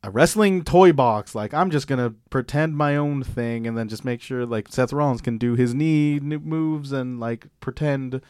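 A man's voice: mid-range voice, moderate pace, hardly any pauses, darkish tone, clear, resonant tone, no echo, studio quality. A man co-hosting a casual podcast chat, rambling and laughing often. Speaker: podcast co-host.

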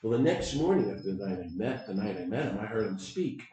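A man in his sixties from the United States, telling personal stories as a podcast host in an animated, digressive way. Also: fairly low pitch, quick pace. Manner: animated and digressive, swinging between loud bursts and quiet asides. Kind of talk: personal storytelling. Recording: very echoey room.

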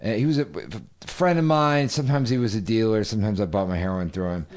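A man co-hosting a podcast, chatting casually and telling rambling stories in an animated way. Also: on the low side, quick pace. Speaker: podcast co-host. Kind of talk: casual chat.

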